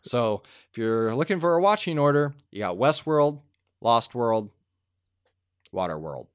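Man, casual movie chat, clear resonant voice, dry recording, lots of ums. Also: medium pitch, a little slow, dry recording. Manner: rambling, animated storytelling with fillers. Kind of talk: casual film discussion.

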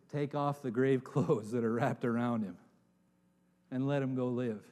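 A man preaching a sermon as pastor, swinging from hushed, drawn-out words to loud, dramatic calls. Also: medium pitch, fairly even intonation. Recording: long reverb in a hall.

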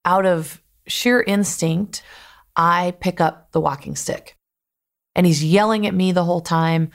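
A woman's voice: lowish voice, measured pace, creaky. A woman who survived an attack, telling her story in urgent present tense. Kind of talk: recounted personal testimony.

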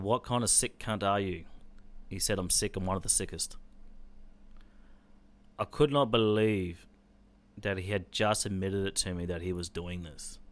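An Australian man telling a personal story in an intense, blunt way, swearing freely. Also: low voice.

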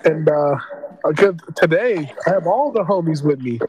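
A man's voice: fairly high pitch, animated, normal speed, a crowd in the background, rough recording. A young man hosting a podcast with friends, loose and joking, laughing often. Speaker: podcast host. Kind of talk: casual podcast chat with friends.

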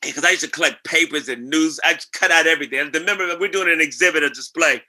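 A man from New York, a singer and actor, telling animated stories in a casual interview and acting out the voices of people in them. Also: fairly high pitch, quick pace.

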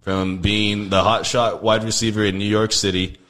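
Low-voiced, swearing young male co-host. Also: flat delivery, normal speed, fairly bright tone. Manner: loose, profane, rambling. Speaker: podcast co-host. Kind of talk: casual chat.

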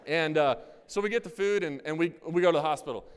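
A man's voice: on the high side, fast talker, clean tone. A man in his thirties preaching a sermon, casual and self-deprecating as he tells a family story. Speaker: pastor. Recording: hall with long reverb.

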